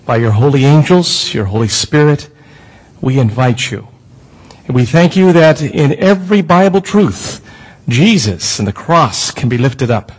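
A man's voice: mid-range voice, lively intonation, unhurried, slightly rough, rough recording. A man preaching a sermon as pastor, with a prayer and emphatic questions to the congregation.

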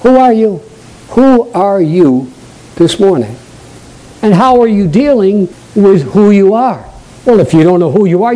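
Poor audio captures a New England man's sermon as he alternates booming, high-pitched emphasis with soft, low asides and puts questions straight to the listeners in the pews.

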